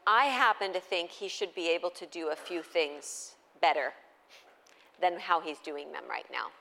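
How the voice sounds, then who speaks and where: This woman's voice is on the low side, gravelly and sharp, at a normal speed. In her thirties, she addresses a live audience about parenting in a chatty way, voicing back-and-forth exchanges with her children.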